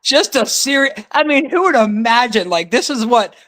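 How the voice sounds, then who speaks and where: High-voiced rambling male caller. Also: expressive, normal speed, pushed and bright. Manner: rambling, restarts, friendly. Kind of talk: casual call-in chat.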